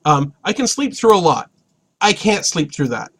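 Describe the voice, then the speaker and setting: A man telling a comic story about his own life in an animated, wry way. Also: on the high side, normal speed, slightly rough. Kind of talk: comic personal anecdote.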